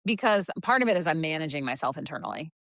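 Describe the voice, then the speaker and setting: A woman's voice: sits low, sing-song, fast, creaky, fairly bright tone, dry recording, studio quality. Chatty woman podcast co-host. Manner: chatty, quoting herself in a sing-song voice. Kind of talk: casual parenting chat.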